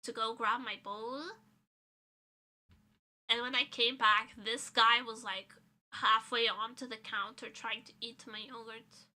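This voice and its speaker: A woman's voice: on the high side, fairly even intonation, unhurried, sharp tone. A young woman streamer in casual chat with a sore throat, playful and giggly, cracking crude jokes.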